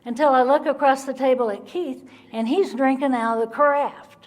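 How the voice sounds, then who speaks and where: A woman giving her Al-Anon recovery testimony, telling her story in an animated way and acting out the people in it. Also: high voice, normal speed. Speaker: Al-Anon speaker.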